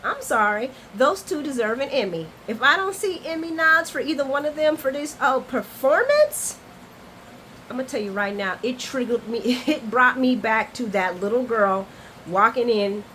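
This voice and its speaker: A woman's voice: a little high, moderate pace, a little hiss or hum. A woman hosting a casual soap opera recap, chatty and playful, talking straight to her viewers. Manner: chatty, animated, playful asides, addresses viewers as y'all. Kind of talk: casual chat to camera.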